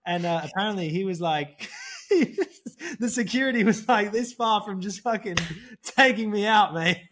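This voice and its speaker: A man co-hosting a casual podcast, telling animated stories, swearing freely and calling people "mate". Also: high-pitched, moderate pace, a little hiss or hum. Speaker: podcast co-host. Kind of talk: casual chat.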